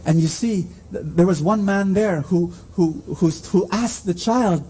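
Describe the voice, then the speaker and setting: A man preaching a sermon in a church, slow and emphatic, calling to the congregation for responses. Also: high-pitched, warm tone.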